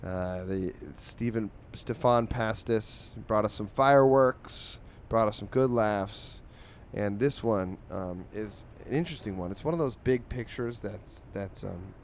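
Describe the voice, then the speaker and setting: A man hosting a podcast, reading comic strips aloud in a sarcastic, animated way and jumping his pitch when he quotes the characters. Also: unhurried, a little hiss or hum. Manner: sarcastic, animated, voices quoted lines with big pitch jumps. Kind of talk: casual comedic monologue.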